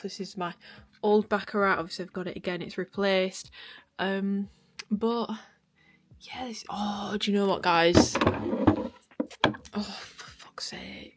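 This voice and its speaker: A young woman chatting casually in a lifestyle vlog, rambling with lots of fillers. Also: medium pitch. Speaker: lifestyle vlogger.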